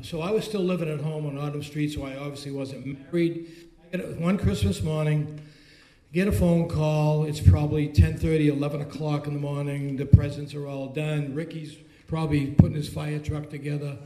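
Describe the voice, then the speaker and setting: Man, lively storyteller, mellow tone, roomy echo. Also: on the high side, moderate pace. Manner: animated, acts out quoted lines. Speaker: friend telling a story at a gathering. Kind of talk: casual storytelling. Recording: echoey room.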